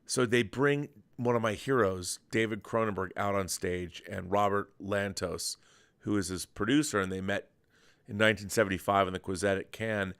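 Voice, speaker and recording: A man's voice: on the low side, fairly even intonation, moderate pace, fairly bright tone, clean tone. A middle-aged man hosting a podcast, chatting casually and enthusiastically about films, rambling with restarts. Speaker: podcast host. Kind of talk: casual film chat.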